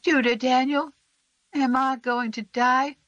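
A narrator voicing a frightened, sick young boy who speaks weakly in a high, pleading voice. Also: fairly even intonation, takes it slowly, fairly bright tone, dry recording, dull audio. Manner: weak, whispery and pleading.

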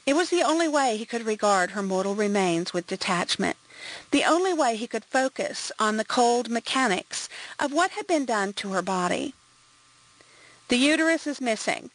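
A woman's voice: fairly high pitch, animated, normal speed, slight background noise, low-quality recording. Composed woman audiobook narrator. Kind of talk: scripted narration.

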